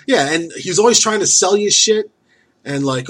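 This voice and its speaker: A man's voice: sits high, lively intonation, normal speed, fairly bright tone, husky. A man chatting casually as podcast co-host, complaining sarcastically and swearing. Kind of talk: casual chat.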